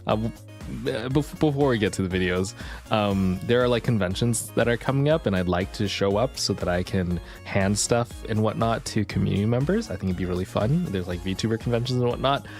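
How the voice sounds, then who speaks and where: A man's voice: on the low side, a little fast, darkish tone, faint music behind. A man hosting a casual live stream, greeting chatters one by one and cracking self-deprecating jokes. He sounds a little out of breath. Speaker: livestream host.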